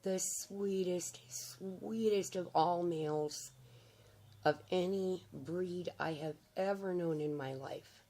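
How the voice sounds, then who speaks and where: An older woman vlogging to camera, hoarse and raspy from losing her voice, talking in a rambling, heartfelt way with hesitant fillers. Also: lowish voice, slow, dark tone. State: hoarse, nearly lost voice. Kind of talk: casual to-camera chat.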